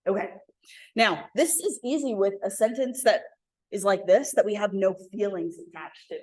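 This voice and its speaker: A woman leading an interactive communication workshop for a live group, acting out example lines with lively emphasis. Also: medium pitch, normal speed. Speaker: workshop facilitator. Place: room with live audience. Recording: echoey room.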